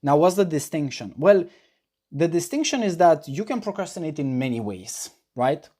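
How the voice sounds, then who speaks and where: Male life coach, mellow voice, reflective and self-correcting delivery. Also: on the high side, sing-song, normal speed. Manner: thoughtful, rephrases himself mid-sentence; explains through personal examples. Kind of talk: answering audience questions in a monologue.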